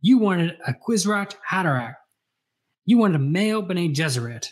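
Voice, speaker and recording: A man voicing a calm, grieving mother, gently spoken, while reading a novel aloud. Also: high voice, normal speed, voice pushed up. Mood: gentle.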